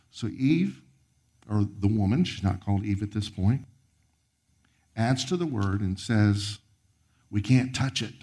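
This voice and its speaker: Preacher swinging from loud to hushed. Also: male voice. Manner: preaching with sharp swings of pitch and volume, dropping to a near whisper; reads scripture aloud and comments on it. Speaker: pastor. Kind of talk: sermon.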